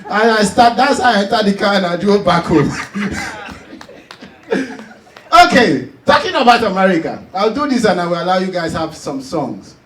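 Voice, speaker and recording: A man with a Nigerian accent performing stand-up comedy, telling stories loudly and animatedly with shouts and laughs. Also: sits high, animated, unhurried, roomy sound, recorded from a distance, rough recording.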